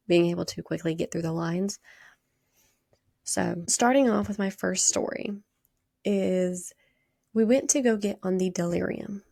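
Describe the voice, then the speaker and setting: A woman with a Southern US accent hosting a podcast, chatting and telling animated stories in a casual way. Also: medium pitch, creaky, no echo, studio quality. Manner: chatty, animated retelling with quick quoted voices. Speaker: podcast host. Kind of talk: casual storytelling monologue.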